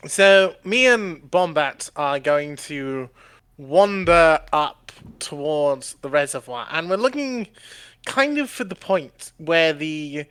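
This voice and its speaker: A man playing the cleric in a tabletop game lays out his plan matter-of-factly. He speaks unhurriedly, in a slightly high voice. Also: animated, slow, a bit bright, clean tone. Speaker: cleric player. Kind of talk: casual tabletop game chat.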